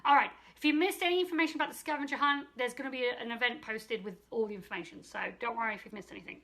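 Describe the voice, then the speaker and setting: A middle-aged woman with a high, bright voice talks casually into her phone on a live stream. She greets viewers by name and answers their comments out loud as she goes. She is a psychic medium hosting the stream. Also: very fast, a little hiss or hum.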